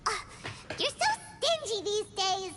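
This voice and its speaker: A woman voicing a tiny, excitable female fairy companion who talks about herself in the third person, in a game. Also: very high voice, a little slow. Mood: huffy. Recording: game audio with loud background noise.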